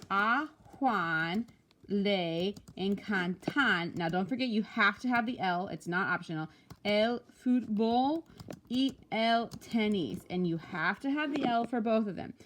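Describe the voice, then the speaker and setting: A Spanish teacher with a mid-range voice records a walkthrough of homework answers, with slight background noise. She explains patiently and slows down to pronounce each Spanish example.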